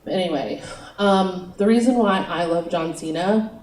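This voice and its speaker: A woman's voice: on the low side, normal speed, a little mellow, distant mic. A young woman doing a stand-up comedy set, chatty and self-mocking, giggling between lines. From United States. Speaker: stand-up comic. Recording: roomy venue, picked up from afar.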